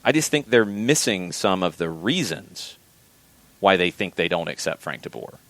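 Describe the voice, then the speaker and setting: Deep-voiced man talking soccer, dry. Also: sing-song, a bit bright, no echo. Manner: measured, repeats phrases while thinking. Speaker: soccer podcast host. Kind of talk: casual podcast commentary.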